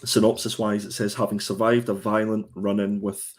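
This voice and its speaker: Low husky guy rambling about comics on a show, lots of ums. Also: little pitch movement, normal speed. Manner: laughing, rambling with fillers. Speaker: podcast host. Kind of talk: casual chat.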